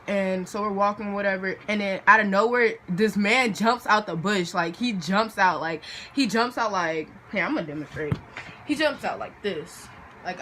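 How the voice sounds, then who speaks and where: A woman's voice: mid-range voice, fairly bright tone, slight background noise. A teenage girl telling a storytime vlog in a chatty, dramatic way with lots of fillers, acting out the people in her story. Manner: chatty and dramatic, filler-heavy, acts out voices. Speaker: vlogger.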